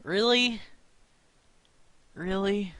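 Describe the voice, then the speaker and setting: Young male chess streamer, slow nervous self-talk, bright dry close voice. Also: sits high, dry recording. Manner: anxious, self-talking, laughs nervously. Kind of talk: live game commentary.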